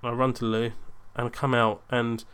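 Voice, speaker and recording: A man's voice: medium pitch, brisk, clean tone. A young man telling a casual anecdote, rambling and correcting himself, livening up when quoting himself. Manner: rambling, self-interrupting, animated in quoted bits. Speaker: storyteller.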